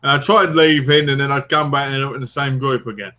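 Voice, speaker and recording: A man's voice: medium pitch, fairly even intonation, fast talker, bright, forceful tone. A man chatting casually as co-host, playful and jokey while telling stories. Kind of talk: casual chat.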